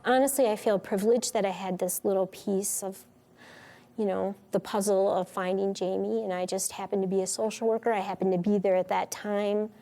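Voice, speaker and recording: A woman's voice: medium pitch, steady tone, fairly quick, warm tone. A woman social worker speaking sincerely and reflectively in an interview.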